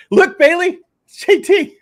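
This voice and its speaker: Joking male streamer host, lively pitch. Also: extremely slow. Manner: loud, joking, laughs often. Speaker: livestream host. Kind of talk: casual live stream chat.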